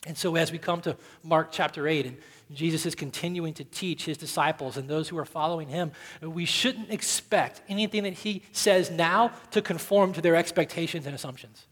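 A man preaching from the pulpit in a church, his voice sitting high for a man. He presses his points with rising force, then drops low and quiet on key words. The sound rings out with a long reverb through the sanctuary. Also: moderate pace. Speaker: pastor. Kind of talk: sermon.

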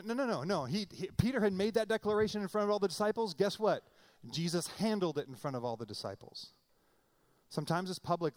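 A middle-aged man preaches a sermon in an easy, conversational way. He breaks into playful voices for quoted lines, and his voice sits somewhat high for a man. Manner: conversational, animated, acts out quotes with comic voices. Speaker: pastor.

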